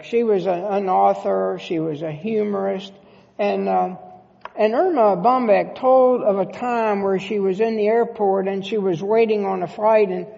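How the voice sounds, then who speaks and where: A pastor preaching a sermon in a church sanctuary, speaking earnestly with halting restarts. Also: medium pitch, creaky, dark tone, long reverb tail, lo-fi sound.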